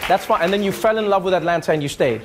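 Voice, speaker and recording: A man's voice: high-pitched, racing, heavy background noise. A man from Africa, doing playful stand-up crowd work and acting out voices. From South Africa. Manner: animated, playful, acts out voices. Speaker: stand-up comedian. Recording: live club mic with loud audience.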